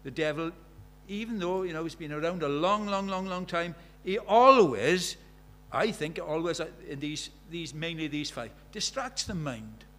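A man preaching a sermon, animated and rhetorical, asking the congregation questions and acting out the voices he quotes. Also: on the high side, moderate pace.

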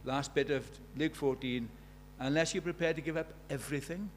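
A man preaches in a church with a fairly high pitch at a moderate pace, slight background noise audible. He is emphatic, asks rhetorical questions, and swings from loud to hushed.

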